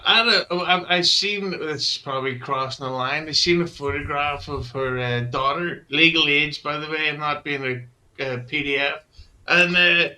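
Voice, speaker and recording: Very bright-toned crude male guest. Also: on the high side. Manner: crude, halting with fillers. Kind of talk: casual podcast chat. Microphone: podcast mic.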